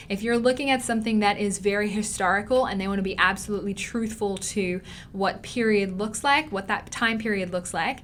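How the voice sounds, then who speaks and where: A woman's voice: medium pitch, a bit bright, slight background noise. A woman with an Australian accent giving an online acting lesson, emphatic and repeating key words for stress. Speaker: acting teacher.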